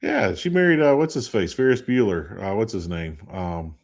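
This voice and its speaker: A man's voice: on the low side, big pitch swings, normal speed. A tired man in his fifties co-hosting a sports talk show, chatting in a rambling way and losing names mid-thought. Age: 50s. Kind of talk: casual chat.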